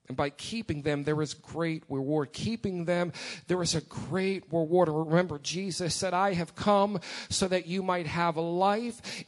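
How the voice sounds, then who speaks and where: High-voiced preacher man in his forties. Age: 40s. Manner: call-and-response preaching, repeating lines for emphasis. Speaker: pastor. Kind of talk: sermon. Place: church sanctuary.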